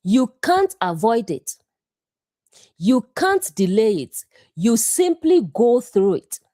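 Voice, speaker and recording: A woman delivers a scripted devotional Bible lesson in short, deliberate phrases. Her pace is unhurried and her voice is mellow, while her pitch moves with lively rises and falls. The sound is close and dry. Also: dry recording. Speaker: bible teacher.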